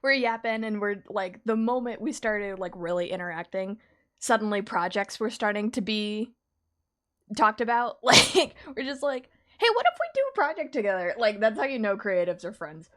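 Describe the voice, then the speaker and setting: A woman artist chatting casually on a live stream while drawing, animated and laughing often. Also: medium pitch, moderate pace.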